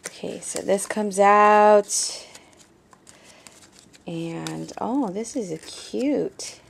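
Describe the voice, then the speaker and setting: A woman's voice: mid-range voice, vocal fry. A young adult woman unboxing a gift on her crafting vlog, gushing and repeating how surprised she is while talking to her viewers. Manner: gushing, repeats "oh my gosh", talks to viewers as "guys". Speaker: crafting vlogger.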